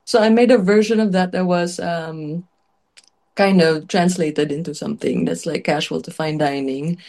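A woman with a somewhat low voice tells her life story in a loose, chatty way. She fills her talk with "like" and "um" and laughs lightly between phrases, her voice wavering at times as tears come. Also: steady tone, moderate pace, vocal fry, a little mellow. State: tearful at times. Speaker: chef, interview guest. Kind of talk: emotional personal storytelling.

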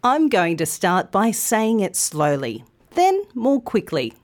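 A middle-aged woman hosting a scripted pronunciation lesson, modelling sounds slowly and carefully. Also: medium pitch, sing-song, a little mellow. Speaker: pronunciation teacher, host.

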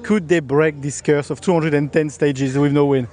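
Male host, slightly high pitch, halting delivery. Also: fairly even intonation, mellow, faint music behind. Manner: hesitant, many uh fillers. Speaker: podcast host. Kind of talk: casual chat.

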